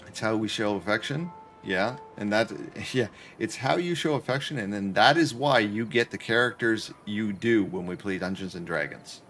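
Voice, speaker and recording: Playing a game at home in his apartment, a Canadian streamer jokes and talks with chat in a relaxed livestream. He speaks at normal speed with few pauses, in a lowish, slightly bright voice, with a little hiss or hum in the audio.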